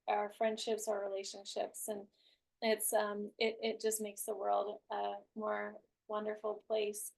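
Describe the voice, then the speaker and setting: A woman's voice: on the high side, level tone, a little slow, creaky. A woman hosting an online group class, talking casually with lots of "like" and "right?". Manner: chatty, many "like" and "right?" fillers. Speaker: class host.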